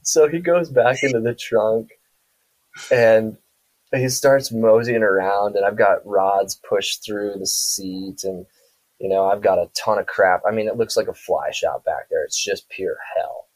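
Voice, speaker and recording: A man's voice: on the low side, unhurried, poor audio. A man from South Dakota, a podcast guest, telling a story in a casual, rambling way full of quoted back-and-forth dialogue.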